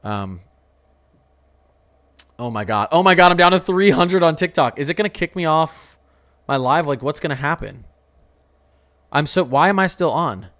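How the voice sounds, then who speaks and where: Man, weather livestream host, excitable, rambling, smooth resonant voice, casual chat. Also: a little high, moderate pace, long pauses. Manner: excitable, rambling, full of exclamations.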